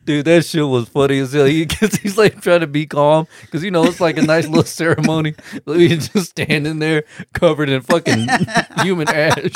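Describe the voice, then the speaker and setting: A young man tells his friends about a favorite comedy, acting out every line and cracking himself up along the way. His voice sits a touch high. The sound is dry and close. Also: normal speed, few pauses, no echo. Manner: animated storytelling, swears a lot, laughs often, acts out lines. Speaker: friend retelling a movie. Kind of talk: casual chat among friends.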